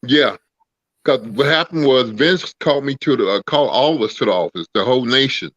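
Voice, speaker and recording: A relaxed man in his fifties, a guest, telling stories in an easygoing drawl. He keeps calling the host "brother" and "man." His voice comes through a dull, lo-fi line with a dry, close sound. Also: mid-range voice, brisk, no echo. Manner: laid-back, drawling, calls people "brother" and "man". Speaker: guest, former pro wrestler. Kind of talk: casual storytelling interview.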